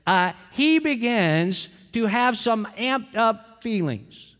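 A man's voice: high voice, animated, takes it slowly, a bit bright, long reverb tail. A male pastor preaching a sermon in a conversational storytelling way, talking straight to the congregation.

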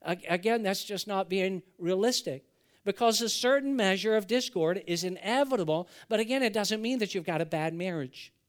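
A man's voice: high-pitched, normal speed. A man preaching a sermon as a pastor, telling stories in a folksy way and acting out the quotes. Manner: folksy storytelling, acts out quotes.

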